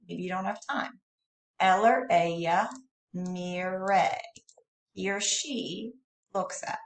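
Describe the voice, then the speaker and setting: A woman's voice: mid-range voice, slow pace, long pauses. A woman teacher giving a recorded lesson from home, explaining patiently and with apologetic asides. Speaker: Spanish teacher. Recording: roomy, distant, echoey room.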